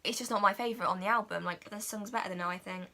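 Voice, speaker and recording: A young woman chatting excitedly as a vlogger, gushing and filling her talk with "like" and "oh my God". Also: medium pitch, very fast. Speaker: vlogger reviewing a film. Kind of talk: casual chat.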